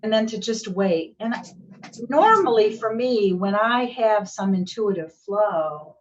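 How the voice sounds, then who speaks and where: Woman, gentle storytelling, unhurried, heard from back from the mic, muffled sound. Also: medium pitch, lively intonation, far from the mic, a little hiss or hum. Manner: gentle, unhurried, acts out quoted dialogue. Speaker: guest speaker. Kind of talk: reflective storytelling.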